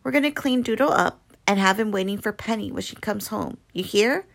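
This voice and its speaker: A woman voicing a shaken, kindly older woman neighbor who speaks softly in a storybook reading. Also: medium pitch, a little fast, vocal fry. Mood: comforting.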